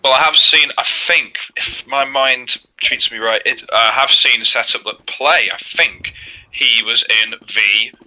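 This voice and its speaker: A man's voice: mid-range voice, unhurried, sharp tone, rough recording. A man giving casual color commentary, hedging and hesitant in his opinions.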